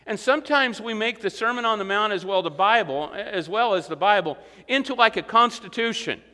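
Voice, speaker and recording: A high, bright-voiced man preaching in a church sanctuary. He speaks earnestly and rises to emphatic peaks. His voice rings out with a long hall reverb. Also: brisk. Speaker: pastor. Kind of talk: sermon.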